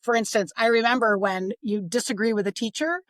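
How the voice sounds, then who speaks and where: A middle-aged woman talking about parenting on a podcast, chatty and expressive, sometimes acting out what others said. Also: fairly high pitch, brisk, dry recording. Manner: chatty, expressive, acts out quoted voices. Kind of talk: casual podcast conversation.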